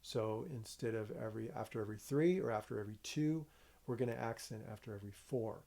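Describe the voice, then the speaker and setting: Gravelly-voiced man teaching rhythm. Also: fairly low pitch, quick pace. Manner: relaxed, explains step by step, checks in with "okay?". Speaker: music teacher. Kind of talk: rhythm lesson with counting and snapping.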